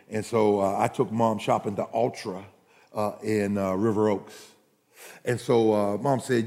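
Gravelly preacher in a reverberant hall. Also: male voice, mid-range voice. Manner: animated, laughing storyteller with folksy asides. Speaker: pastor. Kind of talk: sermon storytelling.

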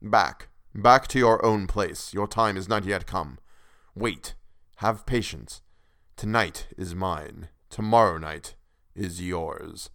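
A man reading the part of a courtly, menacing old vampire count in a smooth, stately, falsely gracious way. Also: lowish voice, animated, moderate pace, a bit bright, no echo, clean studio sound. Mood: hushed commanding.

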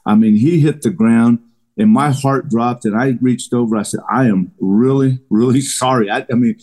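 Man telling an animated football story. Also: medium pitch, moderate pace. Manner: animated storyteller, acts out quotes. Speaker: guest, retired football lineman. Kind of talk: casual storytelling interview.

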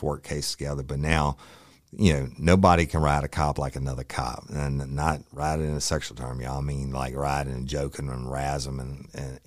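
A middle-aged man from Louisiana, telling a past case as a podcast host in an animated, profane way. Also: rumbling low, no echo, clean studio sound. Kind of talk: casual storytelling.

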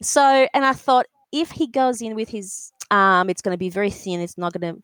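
A woman telling a story in a casual interview, animated and full of fillers, acting out other people's voices. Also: medium pitch, moderate pace, dry recording. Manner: animated, acts out voices in quotes, many fillers. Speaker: alpaca breeder, guest.

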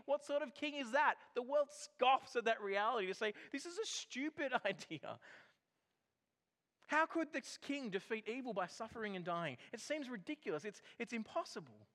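A man with a high voice delivers a sermon in an earnest, emphatic way, doubling back on words as he builds each point. His voice rings out with a long reverb tail, as in a large church hall. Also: fairly bright tone. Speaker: pastor.

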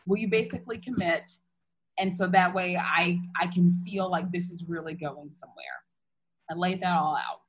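Husky-voiced woman telling a story. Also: fairly low pitch, normal speed, low-quality recording. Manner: candid, animated retelling with many fillers and restarts. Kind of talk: casual storytelling chat.

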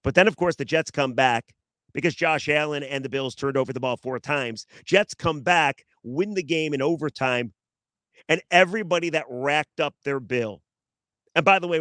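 Chatty sports podcast host, dry sound. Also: male voice, mid-range voice, a bit bright, no room sound. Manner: chatty, joking asides, repeats himself for emphasis. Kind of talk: solo sports podcast monologue.

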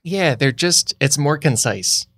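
Playful man with a lively, bouncing voice. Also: fairly high pitch, breathy edge. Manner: playful, riffing, quick laughs. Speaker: podcast co-host. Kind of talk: casual comedic chat.

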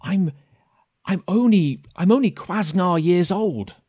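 A man's voice: high voice, lively intonation, darkish tone, breathy edge, voice pushed up, heavily acted. A man doing an earnest, anxious young boy. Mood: indignant. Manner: breathless, pleading, quick bursts.

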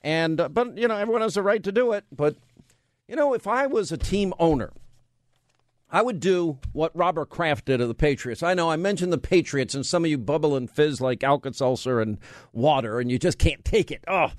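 A man hosts a conservative talk radio show, firing off rhetorical questions and bantering with his studio crew. His fairly high-pitched voice is animated and a little fast, captured on a studio mic with no room sound.

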